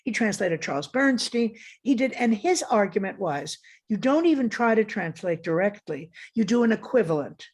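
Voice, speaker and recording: A woman's voice: mid-range voice, lively intonation, moderate pace, few pauses, darkish tone, husky. A woman guest critic in a conversational academic discussion, frank and digressive, often correcting herself as she talks over a video call.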